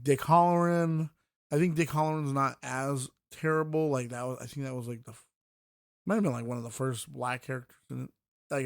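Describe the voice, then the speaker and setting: A man's voice: mid-range voice, no room sound. Rambling male podcast host, dry sound. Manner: rambling, many fillers and restarts; mocking voices when quoting. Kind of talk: casual book review talk.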